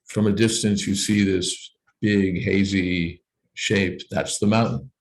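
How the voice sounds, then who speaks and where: A man's voice: low voice, fairly even intonation, slow pace, rough recording. A man leading a scripture reading class over a video call, explaining points thoughtfully with frequent "you know" asides.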